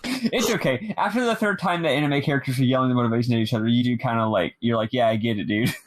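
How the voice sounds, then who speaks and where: A man co-hosting a casual game podcast, animated and laughing often, with quick asides. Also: mid-range voice, no room sound. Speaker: podcast co-host. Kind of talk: casual chat.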